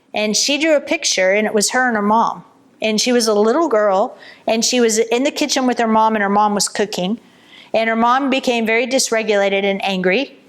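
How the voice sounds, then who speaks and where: A middle-aged woman teaching earnestly as a Christian counselor, retelling a client's session and speaking the client's answers in first person. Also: on the high side.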